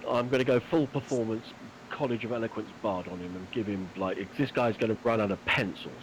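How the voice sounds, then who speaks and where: A man's voice: fairly low pitch, brisk, slight background noise, low-quality recording. Wordy persuasive man player. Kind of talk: in-character tabletop role-play.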